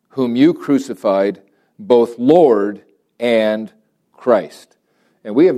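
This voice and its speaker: A man leading a church prayer and then preaching, earnest and emphatic, repeating phrases and slowing down on key words. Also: medium pitch, mellow. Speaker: pastor. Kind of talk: prayer and sermon.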